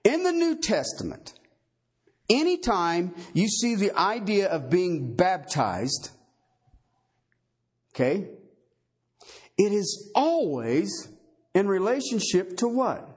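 A man's voice: high voice, big pitch swings, slow, long pauses, slightly rough. A man preaching a sermon, emphatic, quizzing his listeners with rhetorical questions and tagging points with "okay" and "all right.". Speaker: pastor.

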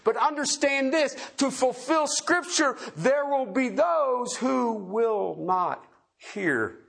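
Male preacher, high husky voice, folksy and emphatic sermon delivery. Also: sing-song, slow. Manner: folksy, swings between loud emphatic and quiet asides with chuckles.

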